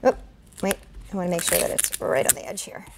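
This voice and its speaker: A woman's voice: on the low side, flat delivery, fairly quick, creaky, noisy background. Chatty woman demonstrating a craft. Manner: chatty, narrates each step aloud while working with her hands. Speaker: children's event planner and craft entertainer. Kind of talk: step-by-step craft tutorial.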